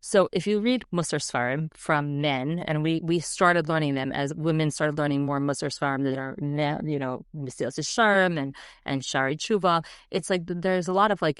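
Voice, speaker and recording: Low smooth lady guest on a podcast, lively, does little voices, dry sound. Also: moderate pace, hardly any pauses, no room sound. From United States. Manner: animated, acts out quoted voices. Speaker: guest educator and author. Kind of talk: podcast interview.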